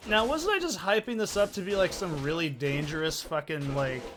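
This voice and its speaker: A man's voice: on the high side, moderate pace, background noise. A man casually commenting on his own gameplay as a let's play host, musing aloud and swearing freely. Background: game music.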